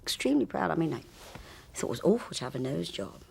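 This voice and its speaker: A woman recounting stories as an interviewee, chatty and animated, often stumbling and restarting her sentences. Her voice is low and gravelly. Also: quick pace, slight background noise. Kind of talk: anecdotal reminiscence.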